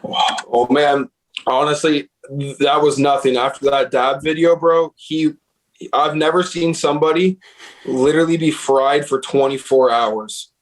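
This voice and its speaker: A man's voice: fairly high pitch, fairly even intonation, measured pace, rough recording. A young man, a booking agent, casually telling road stories, profane and laid-back, laughing along. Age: young adult. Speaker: guest, concert booking agent. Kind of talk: casual storytelling.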